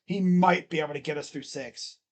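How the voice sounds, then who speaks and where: Casual young male baseball reaction streamer. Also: brisk. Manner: casual, talks to his cat between pitches. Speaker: sports streamer. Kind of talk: live play-by-play reaction stream.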